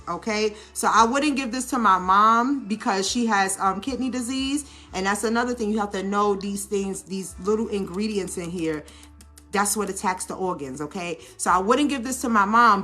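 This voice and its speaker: Bright New Orleans woman giving food tips. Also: fairly high pitch. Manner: animated, coaching, keeps checking in with "okay?". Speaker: lifestyle vlogger. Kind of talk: casual cooking vlog talk.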